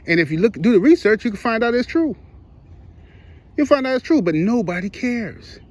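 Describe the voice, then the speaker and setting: A man giving heated, rambling opinion commentary for his online channel, in slangy speech with frequent restarts. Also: high voice. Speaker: YouTube commentator.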